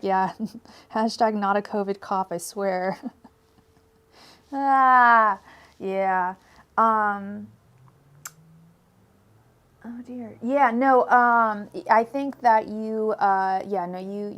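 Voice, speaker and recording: A young woman hosting a tarot-reading livestream, chatting casually with lots of fillers and giggles. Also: mid-range voice. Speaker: tarot reader livestream host.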